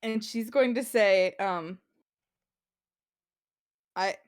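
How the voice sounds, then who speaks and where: A woman's voice: on the high side, a little slow. A woman playing in a tabletop game, hesitant and full of fillers. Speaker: player.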